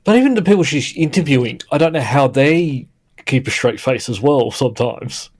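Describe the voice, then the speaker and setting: A man in a casual podcast chat, offering measured, mild counterpoints. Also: medium pitch, expressive, darkish tone, husky. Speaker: podcast co-host.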